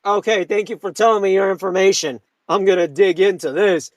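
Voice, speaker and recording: A man with a high voice rants as a live talk radio host, heated and profane, stumbling over restarts as he presses on. The sound is dry and close, with no room around it. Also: fairly quick, no room sound, poor audio.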